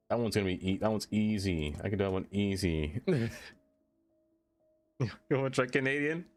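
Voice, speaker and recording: A young American man hosts a casual live stream, laughing as he tries out goofy accents. His pitch swings a lot as he plays around, with faint music playing under his voice. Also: lively intonation, normal speed, long pauses. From United States. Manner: playful, giggly, trying out silly accents.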